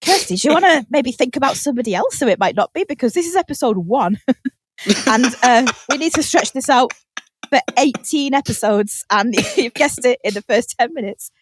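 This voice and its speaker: A woman with a fairly high voice, chatting on a podcast. She rambles through animated stories and acts out the lines people said. The sound is close and dry. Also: fairly quick, breathy edge, no echo. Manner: animated rambling storyteller, acting out quotes. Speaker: podcast co-host. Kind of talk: casual chat. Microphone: podcast microphone.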